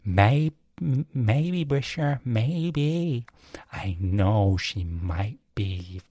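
A man's voice: mid-range voice, expressive, drawn-out words, mellow, no echo, studio quality. A man voicing a judgmental young woman who gossips about a friend, catty and swearing. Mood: gossiping.

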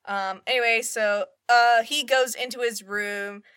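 A woman's voice: fairly high pitch, a little slow, clear, resonant tone, dry recording, studio quality. A woman co-hosting a casual chat, animatedly recapping a film's plot. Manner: animated storyteller, many "like" fillers.

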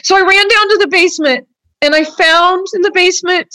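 A woman's voice: extremely high pitch, a little fast, pushed and bright, no echo. Earnest, emotional woman in a dry room. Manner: earnest and emotional, with frequent "like" and "you know"; speaks directly to the hosts. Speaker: guest. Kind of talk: personal account in a conversation.

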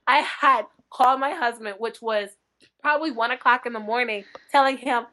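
A young woman from North Dakota, a book blogger guest telling animated stories in casual interview chat, laughing often. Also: fairly high pitch, normal speed.

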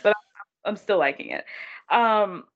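A mid-range female voice, unhurried and heard through lo-fi sound, belongs to a podcast co-host going over a reality show. The chat is casual and full of laughter as she animatedly acts out what people said in silly voices.

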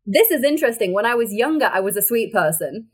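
Young actress, bubbly guest, slightly high voice, easy laughter. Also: female voice, big pitch swings, fast, breathy edge. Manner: bubbly, laughs often, chatty storytelling. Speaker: actor and guest. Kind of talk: casual interview chat.

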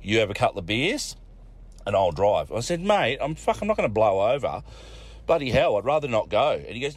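A man's voice: mid-range voice, very animated, brisk. A man with an Australian accent, a listener who sent in a recording, telling a crude story in a casual way, swearing heavily and laughing. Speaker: caller sending in a story.

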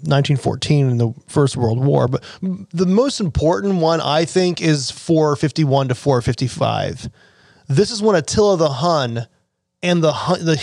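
A man hosting an educational wine podcast in a casual, chatty way, with self-deprecating asides and quick apologies. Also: fairly high pitch, a little mellow, dry recording, clean studio sound. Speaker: podcast host.

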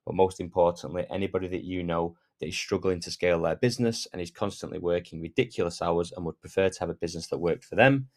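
Fast-talking, very low-voiced man doing a chatty podcast sign-off. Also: steady tone, darkish tone. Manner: chatty, asks listeners for support. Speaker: podcast host. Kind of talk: podcast outro.

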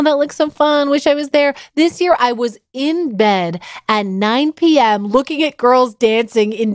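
A woman's voice: fairly high pitch, no room sound, clean studio sound. A woman in her thirties hosting a podcast, telling stories in a chatty, self-deprecating way. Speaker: podcast host. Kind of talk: casual chat.

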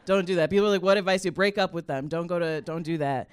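A young adult woman comedian telling a personal story in a chatty, animated way, laughing often and using a lot of "like" fillers. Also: lowish voice, fast talker, smooth.

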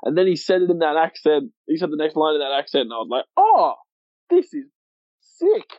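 A man's voice: a little high, rapid-fire, darkish tone, no room sound. A man co-hosts a podcast with casual enthusiasm and the odd swear word. The recording sounds dull and dry, as if taken on a modest home mic. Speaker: podcast co-host. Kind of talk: casual wrestling chat.

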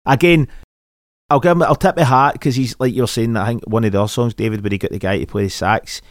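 A man's voice: mid-range voice, quick pace, no echo, clean studio sound. A young Scottish man hosting a podcast, chatting casually in a blunt, sweary, mocking way. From Scotland. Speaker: podcast host. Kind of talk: casual chat.

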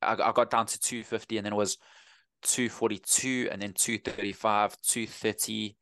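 Low-voiced South African man, easygoing. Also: level tone, moderate pace, pushed and bright, no room sound. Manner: easygoing, rambling with frequent restarts. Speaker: running coach, guest. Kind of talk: casual interview chat.

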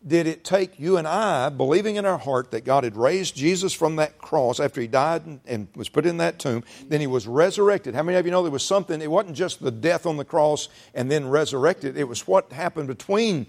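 A man preaching a sermon in conversational call-and-response style, slowing down to stress key phrases and teasing the congregation with humorous asides. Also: fairly high pitch, animated, gravelly, darkish tone.

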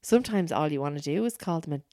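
Chatty woman, low voice. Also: lively intonation, fast, warm tone. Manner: chatty, emphatic, repeats herself. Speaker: podcast co-host. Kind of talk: casual chat.

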